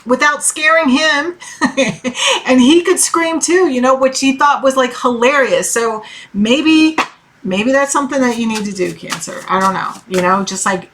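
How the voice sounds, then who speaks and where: A woman's voice: high voice, unhurried, fairly bright tone, slight background noise. Profane, chatty woman tarot reader. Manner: loose and profane, heavy fillers, encouraging. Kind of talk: casual tarot reading monologue.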